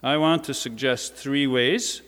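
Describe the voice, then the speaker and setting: A man preaches a sermon in a relaxed, chatty way and keeps dropping in informal asides. His voice sits at an ordinary pitch for a man. It rings with the long reverb of a church hall. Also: measured pace.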